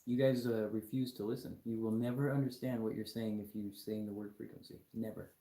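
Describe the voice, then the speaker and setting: A young man lectures his live-stream chat in an argumentative, mocking way. His voice is mellow and dark in tone. It sounds like a room with a lot of echo. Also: fairly low pitch, fairly even intonation, brisk. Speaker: livestream host.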